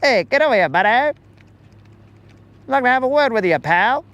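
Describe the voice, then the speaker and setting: A man voicing a rough gang of bullying male fish, taunting another fish with tough-guy threats in a raised voice. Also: extremely high pitch, lively intonation, moderate pace, fairly bright tone, voice pushed up.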